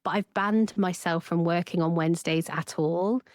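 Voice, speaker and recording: A woman, a therapist co-hosting a casual podcast chat and lively acting out her own inner voice. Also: fairly low pitch, normal speed.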